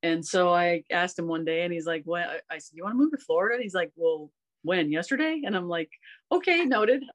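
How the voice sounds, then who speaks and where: A woman's voice: lowish voice, steady tone, quick pace. A woman in her fifties, a guest on a podcast, telling personal stories in an earnest, rambling, heartfelt way. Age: 50s. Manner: earnest, rambling, emotional storytelling. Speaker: podcast guest, golf coach. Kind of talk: casual storytelling conversation.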